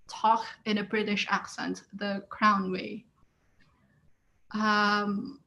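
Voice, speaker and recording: A woman's voice: fairly high pitch, bright, forceful tone. A woman giving an encouraging webinar talk as guest speaker, reading out and answering audience responses. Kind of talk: webinar presentation.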